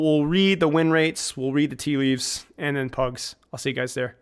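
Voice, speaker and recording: A man's voice: fairly high pitch, steady tone, moderate pace, hardly any pauses, a little hiss or hum. A man streaming live, chatting casually with his viewers in a joking, rambling way and laughing at his own lines.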